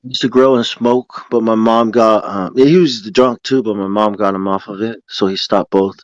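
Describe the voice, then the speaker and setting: A man's voice: lowish voice, steady tone, moderate pace, no room sound. Chill guy on a podcast, laughs a lot, slangy, dry dull recording. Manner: laid-back, laughs often, casual slang. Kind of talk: casual chat.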